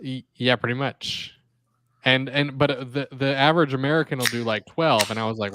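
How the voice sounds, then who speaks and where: A man's voice: medium pitch, steady tone, noisy background. A man co-hosting a podcast in casual banter, rambling and profane, on a close mic. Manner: profane, rambling, quick asides. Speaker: podcast co-host.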